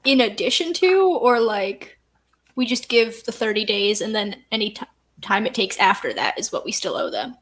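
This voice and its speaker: A woman's voice: medium pitch, sing-song, moderate pace, fairly bright tone. A woman player in casual chat during a tabletop game, skeptical and questioning.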